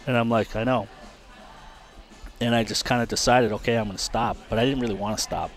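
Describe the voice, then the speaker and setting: A man's voice: mid-range voice, fairly even intonation, a little fast, soft background music. A man, a retired race car driver, talking candidly as an interview guest, often repeating himself and swearing. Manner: frank, repeats words and restarts, swears.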